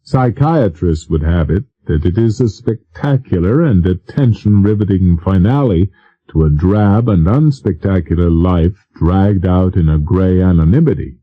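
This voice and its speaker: A man narrating an audiobook in a measured, formal reading style. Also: low voice, lo-fi sound. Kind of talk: scripted narration.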